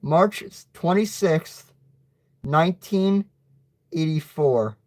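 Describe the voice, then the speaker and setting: A young man reading his homemade short story aloud, halting, with slips and side remarks. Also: a little high, animated, darkish tone.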